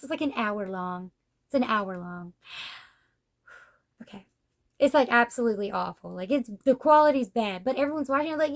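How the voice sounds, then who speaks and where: Chatty, high-voiced woman reviewing comics. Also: a little fast. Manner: chatty and rambling, with many fillers. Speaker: book reviewer, channel host. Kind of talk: casual comic book review.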